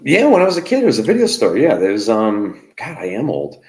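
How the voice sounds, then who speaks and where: A man hosts a casual chat in a relaxed, easygoing way. His voice sits a little low for a man. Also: brisk, roomy sound. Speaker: host.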